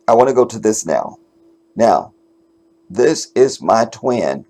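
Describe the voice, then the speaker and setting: A man's voice: lowish voice, big pitch swings, takes it slowly, long pauses, dark tone. Profane, emphatic man reacting to clips. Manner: emphatic, profane, talks straight to viewers. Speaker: commentator host. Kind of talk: casual reaction commentary.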